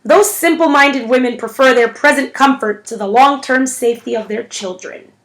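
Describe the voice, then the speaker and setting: A woman reading a story aloud, voicing a stern, commanding older woman who speaks crisply. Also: sits high, moderate pace, a bit bright.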